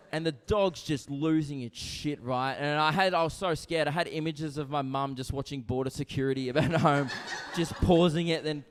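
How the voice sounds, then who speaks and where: A brash young comedian riffs through a stand-up set, tagging his lines with "right?" His voice sits a bit high for a man. Faint noise runs under the stage audio. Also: fairly even intonation, normal speed. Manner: brash, conversational, keeps asking "right?". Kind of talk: stand-up routine. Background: audience laughter.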